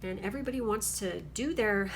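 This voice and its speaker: A woman talks through a pick-a-card tarot reading in a loose, rambling way. She keeps checking in with her listeners as she goes, at an everyday mid pitch. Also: a little fast, creaky, slight background noise. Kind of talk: casual spiritual card reading.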